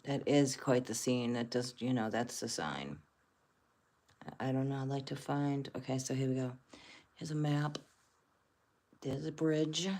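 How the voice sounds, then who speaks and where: Low-voiced woman rambling on a livestream. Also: measured pace, pauses often, a little mellow. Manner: rambling, musing aloud with many fillers. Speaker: host. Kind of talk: casual livestream commentary.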